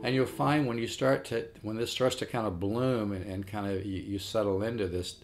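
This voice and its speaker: A man's voice: lowish voice, steady tone, moderate pace. A man giving a casual guitar lesson, rambling and enthusiastic, counting the beats aloud over his own playing. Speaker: guitar teacher.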